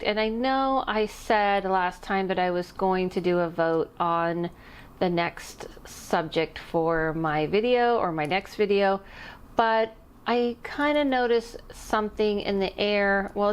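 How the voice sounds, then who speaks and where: Chatty woman medium with smooth voice. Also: medium pitch, a little slow. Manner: chatty, rambling, self-interrupting with laughs. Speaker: intuitive medium and channel host. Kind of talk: casual vlog talk to camera.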